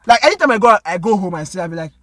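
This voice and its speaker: Animated Nigerian man, bright and lively. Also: sits high, very fast, no room sound, faint music behind. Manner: animated, slangy, mixes in pidgin. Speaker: podcast co-host. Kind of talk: casual chat.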